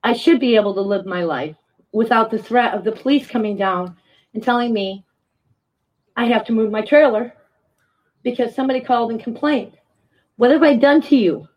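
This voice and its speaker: A woman's voice: on the high side, moderate pace, pauses often. A woman speaks with firm indignation as she gives public testimony, pressing her points one after another. The recording is dull and lo-fi, with the upper frequencies muffled. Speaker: resident speaking at a public meeting. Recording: dull, lo-fi sound.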